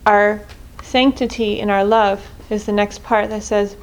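A woman's voice: mid-range voice, fairly even intonation, unhurried, hardly any pauses. A woman leading a group prayer reflection in an earnest way, often restarting and correcting herself mid-sentence. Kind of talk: spoken reflection on scripture.

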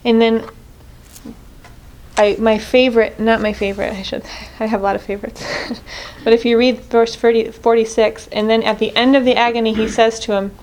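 A woman's voice: on the high side, little pitch movement, fairly quick, a little mellow. A woman leading a group prayer reflection in an earnest way, often restarting and correcting herself mid-sentence. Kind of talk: spoken reflection on scripture.

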